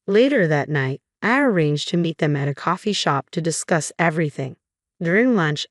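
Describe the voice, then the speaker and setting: Female narrator, deep register, measured scripted storytelling, dry booth. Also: dry recording.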